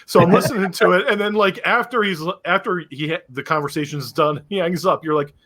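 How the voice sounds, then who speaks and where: A man's voice: high-pitched, a little fast, sharp tone. A man co-hosting a podcast, chatting casually with jokey interjections. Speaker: podcast host. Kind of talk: casual chat.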